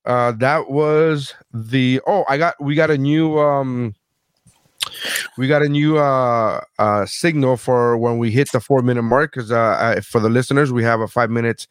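Rambling, profane podcast host, dry sound. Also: male voice, medium pitch, steady tone, unhurried, clear, resonant tone, no room sound. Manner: profane, rambling, joking rants. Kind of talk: casual podcast banter.

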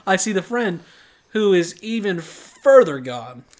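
Young male co-host, casual chat, teasing, a bit higher-pitched. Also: big pitch swings, unhurried. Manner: teasing, laughs often. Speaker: podcast co-host.

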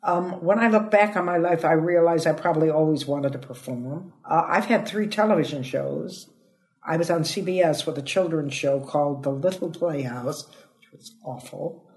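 A woman, a comedian telling stories in an interview with a chatty, lively manner that swoops up for emphasis. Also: low-pitched, moderate pace. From United States (Ohio). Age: 80s. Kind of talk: animated interview storytelling. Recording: echoey room.

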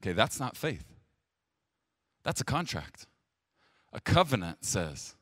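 A man's voice: very animated, measured pace, pauses often, no room sound. Pastor guy preaching, emphatic, big swings up and down, dry close sound. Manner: emphatic, swinging from loud stresses to hushed low lines; direct, plain-spoken address to viewers. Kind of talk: sermon.

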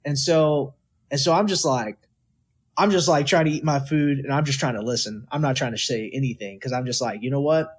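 A young man from Texas, appearing as a guest musician in an interview, tells stories casually and acts out what people said. His mid-range voice is fairly quick with a breathy edge, and he's animated, quoting people in lively voices.

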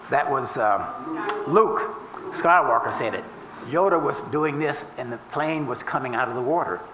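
Male minister, mid-pitched, preaching to a congregation; deliberate teaching delivery in a reverberant room. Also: fairly bright tone. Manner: teaching, explains step by step with formulas and scripture; emphatic rises and drawn-out slow phrases. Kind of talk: sermon. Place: church before a congregation.

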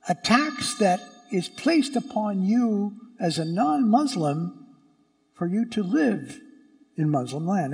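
A man who is a priest preaching a sermon in a church. He speaks emphatically, asking rhetorical questions and stressing words slowly. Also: fairly high pitch, warm tone. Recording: long church reverb.

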